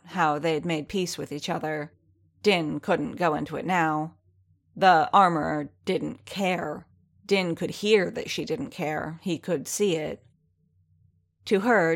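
A woman narrating fan fiction in a steady, measured way. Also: low-pitched, vocal fry.

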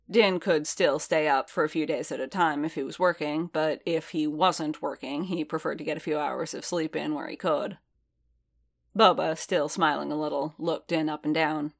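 A woman reads a fan-written story aloud, steady and unhurried. Her voice sits low and carries a gravelly fry. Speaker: reader. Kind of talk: fan fiction audiobook narration.

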